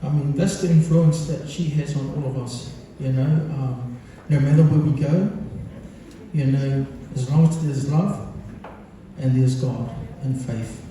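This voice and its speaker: A man's voice: medium pitch, steady tone, unhurried, mellow, slight background noise. Kiwi man rambling through a speech, echoey hall. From New Zealand. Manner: rambling, humorous storytelling with many fillers. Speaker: son giving a birthday speech. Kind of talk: speech to a gathering. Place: large function hall. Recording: echoey hall, captured from far off.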